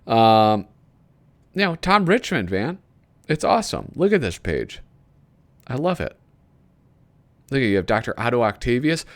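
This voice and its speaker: A man hosting a casual video, reading aloud from a magazine and rambling about it with frequent chuckles. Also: medium pitch. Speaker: video host flipping through a magazine. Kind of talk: casual commentary.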